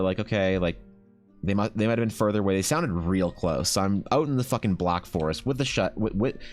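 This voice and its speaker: A young Canadian man telling a rambling story to his stream chat, casual and full of swearing and fillers. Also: sits low.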